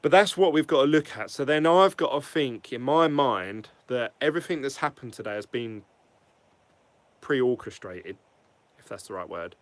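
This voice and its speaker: A man talks straight to camera in a casual opinion vlog. He rambles, restarts and swears freely, and he says what he thinks bluntly. His voice sits at a middling pitch. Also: animated, normal speed, dry recording. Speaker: crypto vlogger.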